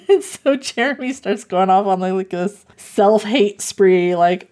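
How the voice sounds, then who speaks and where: A woman's voice: mid-range voice, slow. A woman casually retelling a romance novel's plot, laughing often and acting out the characters' lines. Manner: animated, laughs often, acts out quotes. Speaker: podcast host recapping a book. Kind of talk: casual chat.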